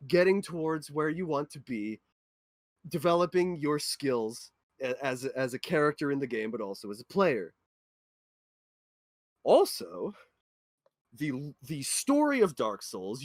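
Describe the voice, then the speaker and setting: A man's voice: fairly high pitch, no echo. A man in a casual podcast chat, passionately ranting about a game. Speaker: podcast co-host or guest.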